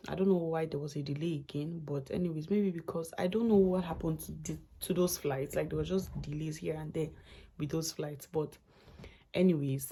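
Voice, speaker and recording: Low husky woman telling a travel story. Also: dark tone. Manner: chatty, rambling with restarts and asides, emotional. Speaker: vlogger. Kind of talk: casual storytelling vlog.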